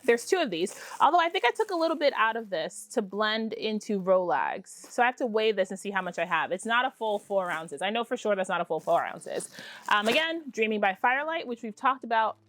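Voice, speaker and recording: A woman hosting a casual crafting vlog, talking in a chatty, excitable way with self-deprecating asides. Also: mid-range voice, fairly quick. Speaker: podcast host.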